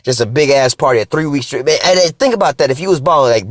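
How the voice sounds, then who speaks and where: In clean, echo-free studio sound, a man with a medium-pitched, animated voice speaks fast with few pauses. He's a vlogger reading articles aloud in a casual, preachy rant, profane and repetitive, quoting scripture and ending nearly every line with "man."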